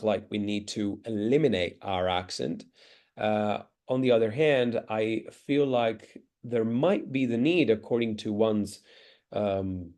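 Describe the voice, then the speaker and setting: A man's voice: on the low side, warm tone. An Italian man speaking English with a British-leaning accent, giving a thoughtful, academic interview answer with frequent fillers. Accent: British-leaning English with traces of American and Australian. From Italy. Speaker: interview guest, pronunciation teacher.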